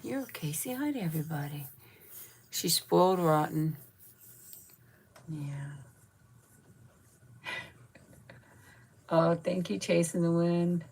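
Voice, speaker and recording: Channel host, woman in her 50s, low gravelly voice, casual chat and baby talk. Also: slow, pauses often, a little mellow. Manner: coos baby talk at her pet, thanks viewers by name.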